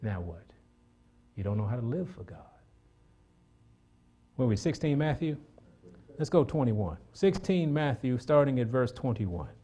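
A man preaching a sermon, swinging from loud emphatic bursts to low hushed asides and firing rhetorical questions at the congregation. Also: very animated, measured pace, long pauses, breathy edge.

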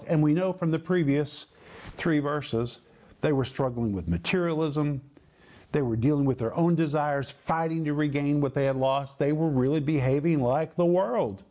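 A man teaching a Bible lesson in a sermon style, emphatic and slow on key phrases, often repeating words for weight. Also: on the high side, warm tone.

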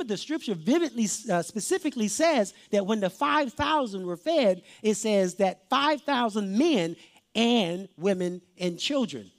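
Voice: medium pitch, darkish tone. A pastor preaching a conversational sermon, often repeating phrases and calling for the listeners' attention.

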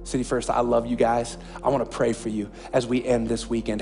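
A man's voice: medium pitch, little pitch movement, brisk, gravelly, hardly any pauses, a little mellow, faint music behind. A man preaching a sermon as a pastor, impassioned and repeating phrases for emphasis.

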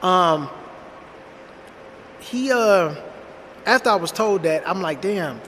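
Man, high voice, blunt slangy storyteller, talks to viewers, reverby room with faint background hum. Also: lively intonation, takes it slowly, fairly bright tone. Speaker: storytime vlogger. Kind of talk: casual storytelling monologue.

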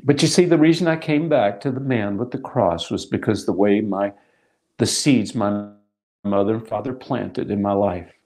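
A man's voice: fairly low pitch, moderate pace, darkish tone. A middle-aged man preaching a sermon, telling a personal testimony with emphatic repetition. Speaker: pastor.

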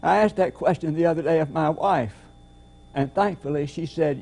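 Give me a male pastor preaching emphatically in a mellow, fairly high voice. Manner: deliberate, emphatic preaching with repetitions. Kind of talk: sermon.

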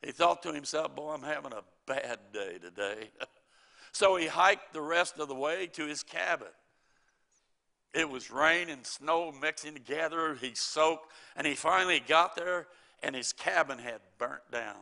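A man's voice: fairly high pitch, a little slow, gravelly, sharp tone. A man preaching a sermon, quoting scripture and telling folksy stories, chuckling at his own jokes.

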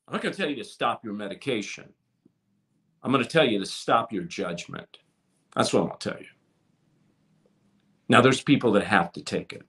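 A man preaching a sermon with passion, swinging from loud to hushed and repeating words as he restarts phrases. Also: on the low side, animated, moderate pace, long pauses. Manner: impassioned preaching with sudden swings from loud to soft. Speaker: pastor.

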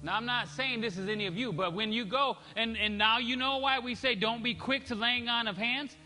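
A man's voice: very high-pitched, fairly quick, big-room sound, soft background music. A man pastor preaching in a church sanctuary, talking casually to the congregation and acting out examples. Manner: animated, demonstrative preaching with acted-out examples; conversational, checks in with audience. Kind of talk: sermon.

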